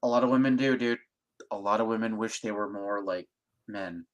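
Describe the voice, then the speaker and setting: A man co-hosting a stream in casual chat, joking with dark humor and laughing often. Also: on the low side, fairly quick, muffled recording. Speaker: stream co-host.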